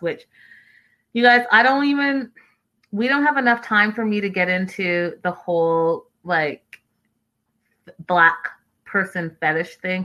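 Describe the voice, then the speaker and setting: A woman host chatting on a casual livestream with a bright, forward voice. She talks to her viewers directly and reacts to their comments in an animated, gossipy way. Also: on the low side, poor audio. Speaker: livestream host reading chat. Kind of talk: casual reality-show recap livestream.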